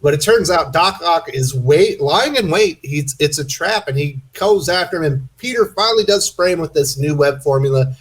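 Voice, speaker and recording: Husky-voiced man chatting about comics. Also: fairly high pitch, lively intonation, normal speed, hardly any pauses, poor audio. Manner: enthusiastic, leads the discussion. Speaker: podcast co-host. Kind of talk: casual comic book discussion.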